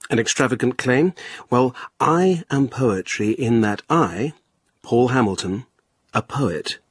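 A man playing a pompous poet presents his own poetry show. His voice is low and husky, with dry, close sound. He speaks with earnest self-importance throughout. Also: no room sound. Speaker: host of a poetry programme. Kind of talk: comic scripted presentation and poetry reading.

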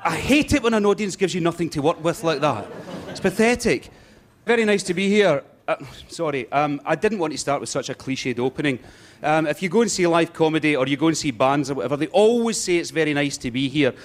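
Wry stand-up comic on stage. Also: male voice, a little high, lively intonation, brisk, slight background noise. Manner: wry, conversational. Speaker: stand-up comedian. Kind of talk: live stand-up.

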